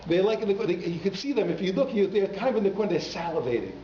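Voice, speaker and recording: A man's voice: high voice, sing-song, fast, a little hiss or hum. A man, a rabbi, giving an informal Torah class to a congregation, talking in a conversational way with teasing asides to the audience. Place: synagogue hall. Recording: echoey hall, slightly muffled.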